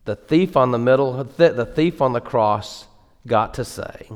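In an echoey church sanctuary, a pastor preaches earnestly and emphatically, often repeating words as he builds. His voice is medium-pitched and his pace a little slow.

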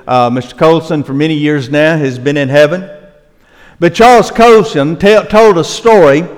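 Man, older, pastor, earnest sermon, long hall reverb, somewhat high pitch. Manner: earnest preaching, slowing for emphasis, dropping soft into prayer.

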